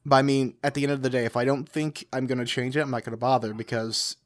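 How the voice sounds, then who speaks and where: A man co-hosts a podcast in casual chat, speaking emphatically, repeating his points and laughing often. His mid-range voice holds a level tone, and he talks fast.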